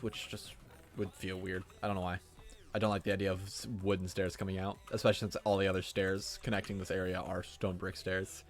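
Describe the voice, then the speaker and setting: A young man giving casual commentary while building in a game, thinking aloud and joking at his own expense. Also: sits low. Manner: chatty, thinking aloud, self-mocking. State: hiccups. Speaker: streamer.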